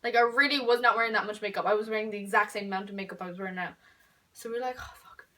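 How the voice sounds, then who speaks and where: A teenage girl telling a story in a casual vlog, chatty and full of fillers, dropping to whispers and then bursting out loud. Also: mid-range voice, fairly even intonation, very fast, far from the mic. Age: teens. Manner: chatty, filler-heavy, swings between whispered asides and loud outbursts. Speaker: vlogger.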